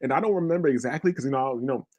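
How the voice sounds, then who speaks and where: Warm in tone and medium in pitch, this man races through a profane, rambling anecdote as host of his podcast. He often pauses to ask listeners "you feel me."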